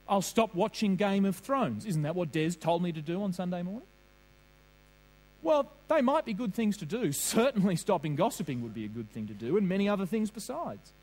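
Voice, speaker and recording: A man's voice: sits high, darkish tone, poor audio. A man preaching a sermon, earnest and questioning, drawing on vivid everyday examples.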